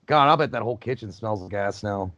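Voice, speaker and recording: A man's voice: fairly low pitch, quick pace, fairly bright tone, no echo, dull audio. A man hosting a casual movie commentary, joking and cursing as he riffs on the film.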